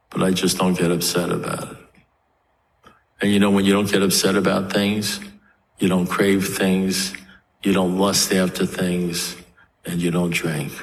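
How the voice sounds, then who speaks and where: Older man telling wry stories in echoey hall. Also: low voice. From United States. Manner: wry, self-mocking humor. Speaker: recovery meeting speaker. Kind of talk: personal storytelling talk. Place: meeting hall. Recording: echoey hall with faint background noise.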